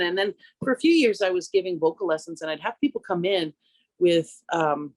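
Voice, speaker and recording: A woman singer from Canada talking through her craft in a relaxed radio interview, reflective and conversational, lifting her pitch when she quotes herself. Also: a little fast, no echo. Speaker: singer and vocal coach, interview guest.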